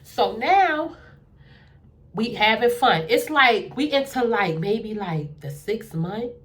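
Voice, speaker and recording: Speaking slowly in a slightly high voice, a woman vlogger shares a casual story. She animatedly performs both sides of each conversation and keeps checking in with whoever's listening.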